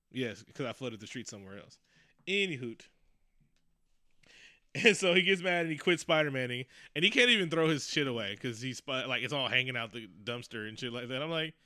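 Bright-voiced profane ranting man. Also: medium pitch, brisk, no echo, clean studio sound. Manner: profane, animated, rants with mock quotes. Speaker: podcast co-host. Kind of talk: casual movie chat.

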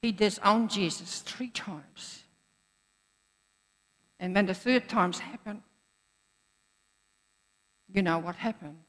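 A woman's voice: medium pitch, takes it slowly, pauses often, a bit bright. A woman preacher giving a sermon in an earnest manner, repeating phrases for emphasis. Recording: echoey hall.

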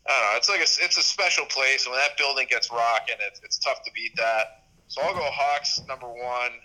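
A man's voice: mid-range voice, fairly quick, bright, forceful tone, low-quality recording. A man in his thirties chatting as a podcast guest, rambling with restarts and fillers. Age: 30s. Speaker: podcast guest, sports media host. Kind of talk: casual interview chat.

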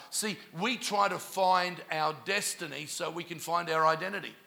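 A middle-aged man, a pastor, preaching a sermon and telling stories with lively acted-out dialogue. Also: fairly high pitch, moderate pace, creaky, few pauses. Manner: animated preacher, acting out quoted dialogue. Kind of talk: sermon with storytelling.

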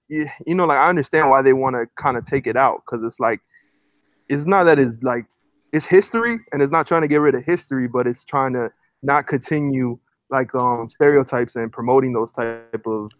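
A man in mid pitch talking on a casual podcast, rambling through his points with lots of fillers and false starts. The sound is dry and close, with almost no room around his voice. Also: moderate pace, no room sound. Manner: rambling, many fillers and restarts. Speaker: podcast co-host.

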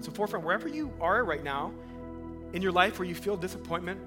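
A man preaching a sermon as pastor, asking his listeners questions and acting out quoted voices, swinging between loud emphatic calls and quiet low passages. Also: expressive, fast, over loud music. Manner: acts out quoted voices and asks the crowd questions.

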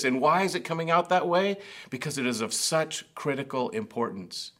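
A man's voice: medium pitch, expressive, moderate pace, a bit bright. A man preaching a sermon, telling stories and building to emphatic, raised passages. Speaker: pastor.

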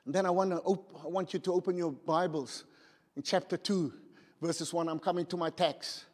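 A middle-aged man preaching in a church, his voice pitched high. He rouses the congregation with animated calls. A long reverb rolls through the hall behind him. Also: moderate pace. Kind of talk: sermon.

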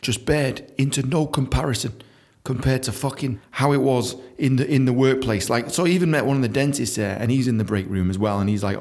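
A young man tells workplace stories in a loose, swearing monologue. He is animated and often laughs. He slips into quick voices for the people he describes. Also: fairly low pitch. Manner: animated, profane, laughing, mimics others in quotes. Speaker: podcast host telling stories from his book. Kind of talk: casual storytelling monologue.

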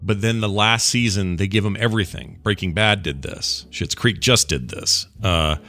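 A man co-hosting a podcast in casual chat, animated and rambling, often laughing. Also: lowish voice, moderate pace. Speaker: podcast co-host.

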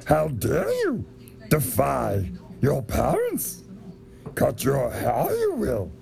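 A man's voice: medium pitch, huge pitch swings, slow, gravelly, darkish tone, voice pushed up, full character voice. A man doing an impression of an ancient, wise little alien master, scolding in backwards phrasing.

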